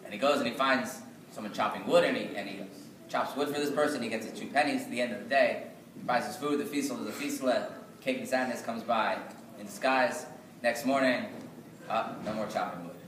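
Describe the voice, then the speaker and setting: A male storyteller telling a folk tale aloud at a live synagogue gathering, lively and rhythmic with repeated phrases. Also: mid-range voice, a little fast. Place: synagogue event. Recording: echoey hall from far off, noisy.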